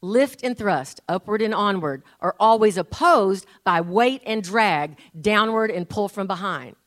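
An older woman preaching a sermon, folksy and animated, laughing at her own stories. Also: mid-range voice, a little slow. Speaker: pastor.

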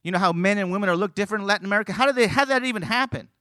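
Middle-aged guy preaching, fairly high voice, swings loud to hushed as he tells stories. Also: rapid-fire, no room sound. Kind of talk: sermon.

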